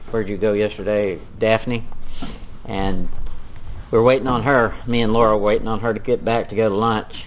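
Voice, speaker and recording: A man preaching a Bible-teaching sermon, reading scripture slowly and dramatically, then explaining it in folksy asides. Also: on the low side, a little hiss or hum. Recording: tinny phone-like sound.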